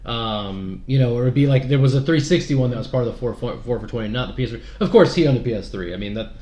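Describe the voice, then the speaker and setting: A man's voice: mid-range voice, fast, mellow. Blunt, cursing man in echoey room. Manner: blunt, profane, exaggerating rants. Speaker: podcast co-host; game store clerk. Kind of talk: casual chat. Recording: echoey room with faint noise.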